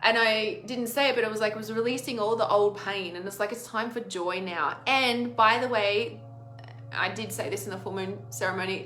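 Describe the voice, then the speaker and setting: A woman's voice: fairly high pitch, a bit bright, roomy sound. A woman, an intuitive healer, giving a casual oracle card reading in a rambling, chatty way, laughing often and filling her talk with "like".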